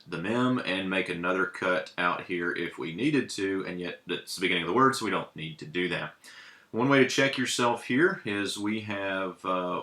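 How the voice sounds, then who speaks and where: A man teaching a casual lesson, pausing often with ums and uhs while he writes and explains. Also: deep voice, pushed and bright. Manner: hesitant, many ums and uhs while writing. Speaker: Hebrew teacher. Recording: echoey room.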